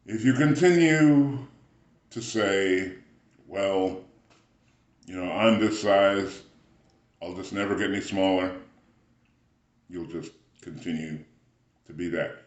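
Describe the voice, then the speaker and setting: A man giving a rambling spiritual motivational talk, often clearing his throat as he muses. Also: low-pitched, takes it slowly, long pauses, roomy sound.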